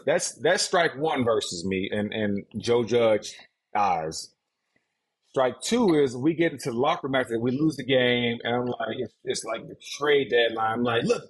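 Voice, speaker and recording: A man in his thirties, a guest on a podcast, telling a casual and animated story about his football career. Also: medium pitch, slightly rough. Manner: animated, mimics others' voices in his stories.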